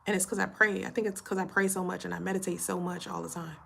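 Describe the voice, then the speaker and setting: A woman's voice: on the low side, little pitch movement, quick pace, creaky, fairly bright tone, a little hiss or hum. A woman, a channel host telling a personal story in candid casual chat to camera, tired and full of fillers and swearing.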